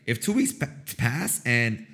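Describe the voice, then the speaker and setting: A young man chatting casually to his viewers, rambling and swearing, often breaking into a loud high-pitched cackle. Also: sing-song, measured pace. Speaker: livestream host. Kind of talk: casual chat.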